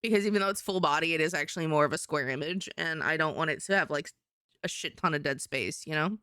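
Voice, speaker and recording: A woman streamer rambling and joking about herself as she works on a drawing. Her voice is smooth and clear. It is recorded close on a desk mic with a dry sound. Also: sits low, quick pace, sharp tone, no echo. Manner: rambling, chatty, self-mocking. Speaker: streamer and artist. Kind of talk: casual chat while drawing on stream.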